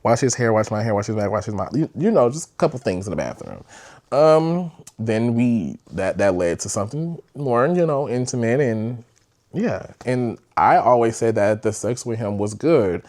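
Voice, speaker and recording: A man's voice: mid-range voice, lively intonation, normal speed, darkish tone. Young male podcast host, mid-range voice, candid rambling storyteller who swears freely. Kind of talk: casual storytime.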